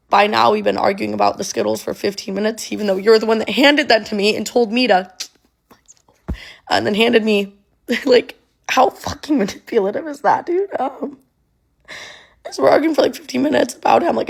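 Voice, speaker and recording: A young woman recounts a hard memory in a casual, halting way, stopping often to restart her thoughts. Her voice is husky and breathy, with a gravelly fry at the ends of phrases. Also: mid-range voice. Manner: halting, many ums and restarts. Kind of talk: casual storytelling to camera.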